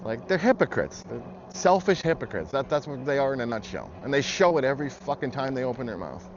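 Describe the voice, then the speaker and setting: A man's voice: mid-range voice, sing-song, fast talker. A man vlogging, ranting heatedly and bluntly with plenty of swearing. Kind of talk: angry political rant. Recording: muffled audio with loud traffic noise.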